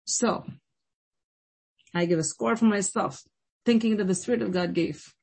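Woman pastor, sermon, emphatic and repetitive, breathy voice, middle pitch. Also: unhurried, pauses often, a little mellow, low-quality recording. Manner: emphatic preaching, repeats phrases and rhetorical questions.

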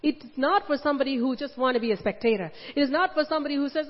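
A woman's voice: sits high, rapid-fire. A woman preaching a sermon with passion, acting out the pleading words of the people in her story. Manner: impassioned, acts out Mary's pleading lines. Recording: dull sound with long hall reverb.

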